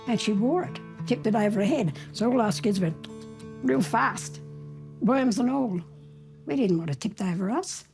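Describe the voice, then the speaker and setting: A woman in her seventies with an Australian accent recounts her childhood for an interview, blunt and plain-spoken with a dry defiance. Her mid-range voice is expressive and a little mellow, moving at a normal speed. Faint music plays in the background.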